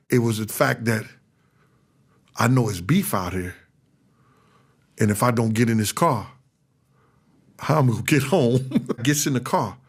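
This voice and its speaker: A former bodyguard telling a story in an interview, animated and acting out what others said. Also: male voice, unhurried, pauses often, breathy edge. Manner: animated, acts out other people's lines with big jumps in pitch. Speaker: former bodyguard recounting events.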